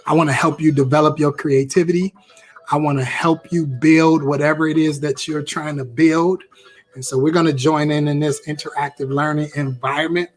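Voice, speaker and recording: A man's voice: on the high side, steady tone, normal speed. A man teaching a live-streamed interactive class on creativity, upbeat, repeating phrases as he reacts to viewer comments.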